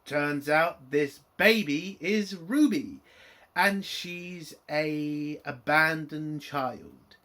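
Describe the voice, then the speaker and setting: A man's voice: fairly high pitch, very slow, bright, forceful tone. A man giving a blunt, opinionated spoken TV review, swearing freely.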